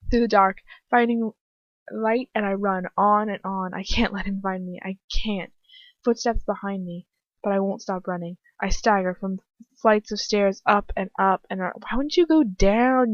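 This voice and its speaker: A young woman with a mid-range voice reads first-person fan fiction aloud at home, now and then pausing to comment on the text. The home recording is dry and dull, with no room sound.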